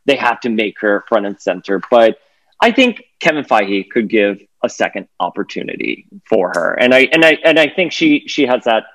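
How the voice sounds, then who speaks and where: Man, podcast co-host, casual chat, lively and talkative, mid pitch. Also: rough recording. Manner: animated, quick and talkative with frequent restarts.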